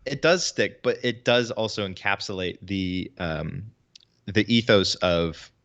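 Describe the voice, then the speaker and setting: A man's voice: lowish voice, a little slow, fairly bright tone, highs cut off. A man talking as a guest in a casual podcast chat, explaining his view thoughtfully.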